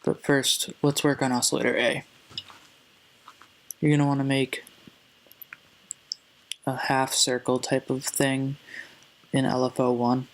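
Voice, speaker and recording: A man giving a casual music production tutorial, relaxed and hesitant, often correcting himself as he goes. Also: mid-range voice, unhurried, long pauses, slight background noise, low-quality recording. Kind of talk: casual screen-recorded tutorial. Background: faint synth sounds.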